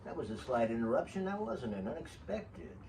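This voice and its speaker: A man's voice: mid-range voice, big pitch swings, brisk, a little mellow. A man hosting his own show, telling rambling stories in a casual, digressive way with joking asides to his listeners. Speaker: show host. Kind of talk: casual rambling storytelling monologue. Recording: distant mic with faint background hiss.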